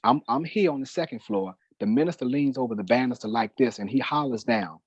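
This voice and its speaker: A middle-aged man, a guest who manages a newspaper, gives a personal testimony in an emphatic, preacher-like style and keeps calling the host "brother." His mid-range voice is slightly rough and fairly quick, captured in a dry, lo-fi recording.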